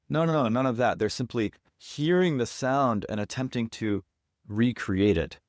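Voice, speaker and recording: A man's voice: lowish voice, normal speed, no echo. A man teaching horn in an online lesson, explaining ideas in an earnest, careful way. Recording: dry, close sound.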